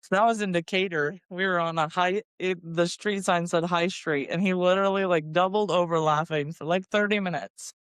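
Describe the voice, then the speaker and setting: A woman's voice: lowish voice, fairly even intonation, moderate pace, few pauses, clean tone, no room sound, clean studio sound. A woman, a player at a tabletop game, chatting casually in a teasing, giggly way.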